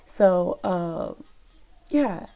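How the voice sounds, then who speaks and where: A woman's voice: on the low side, expressive, drawn-out words, gravelly, dark tone. A woman telling a personal story to her viewers in a casual, rambling way, with many fillers. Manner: rambling, chatty, lots of fillers. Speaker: vlogger, former rideshare driver.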